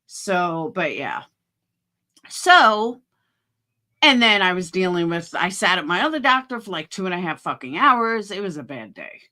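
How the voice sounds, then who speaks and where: A woman's voice: on the low side, big pitch swings, measured pace, sharp tone. A middle-aged woman hosting a livestream at home, talking in a frank, chatty way and swearing freely. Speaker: livestream host. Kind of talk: casual livestream chat.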